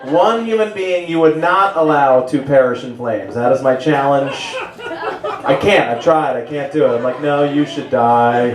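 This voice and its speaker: A man's voice: on the high side, lively intonation, a little slow, crowd noise. Dry, wry man doing stand-up. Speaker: stand-up comedian. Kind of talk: stand-up set. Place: comedy club stage. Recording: echoey club room, distant mic.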